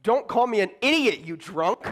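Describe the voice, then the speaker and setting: A woman's voice: mid-range voice, animated, moderate pace, fairly bright tone. A teenage girl acting on a school stage as a young college man, sarcastic and cutting. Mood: angry. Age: teens. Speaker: student actor.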